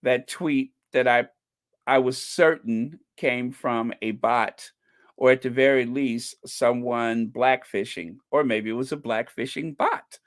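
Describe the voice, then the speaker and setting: Slow-talking, chatty male channel host. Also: medium pitch. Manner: chatty, laughs often, rambling with fillers. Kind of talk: casual commentary.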